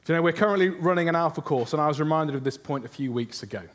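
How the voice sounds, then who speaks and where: A man's voice: a little high, very fast. A man preaching a sermon, earnest, often asking his listeners questions. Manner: earnest, asks the congregation rhetorical questions.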